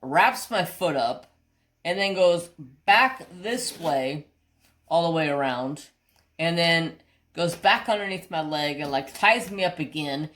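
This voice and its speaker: A woman hosting a craft channel, telling a rambling, animated story with mild cursing. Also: low-pitched, slow. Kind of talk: casual storytelling while crafting.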